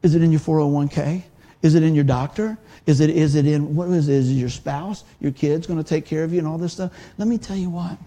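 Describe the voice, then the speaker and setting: A man's voice: fairly high pitch, a little fast, mellow. A male pastor preaching a sermon in a conversational, folksy way, often adding "man" and "amen".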